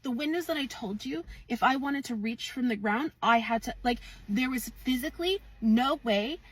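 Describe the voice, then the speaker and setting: A woman's voice: on the high side, expressive, normal speed, husky, recorded from a distance. A woman earnestly recounting an eerie shared dream, stressing her disbelief. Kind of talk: casual spooky storytime. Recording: dry, a bit off-mic.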